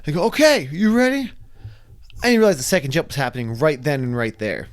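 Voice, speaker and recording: A young man casually telling a personal story, animated and acting out his own reactions. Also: mid-range voice, racing. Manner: animated, acts out his own screams and quotes.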